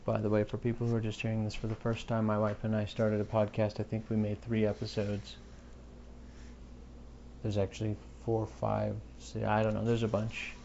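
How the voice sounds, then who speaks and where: A man's voice: fairly low pitch, monotone, moderate pace, creaky, mellow, highs cut off. Podcast host, male, offhand and self-mocking, slight hiss under a home mic. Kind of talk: rambling solo podcast chat.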